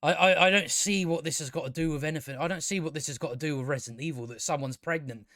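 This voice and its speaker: A man's voice: fairly high pitch, fast talker, a bit bright, no echo, clean studio sound. A man giving a casual spoken review of a show, exasperated and ranting, swearing freely.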